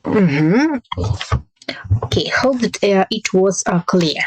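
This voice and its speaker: A woman teaching a language lesson, hesitating with many fillers and modelling example phrases slowly and carefully. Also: mid-range voice, animated, slight background noise, rough recording.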